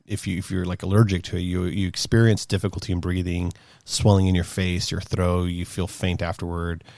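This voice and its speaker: A man in his thirties casually telling a rambling, animated story as a podcast host, acting out quotes in a higher voice. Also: vocal fry, no room sound, clean studio sound. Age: 30s.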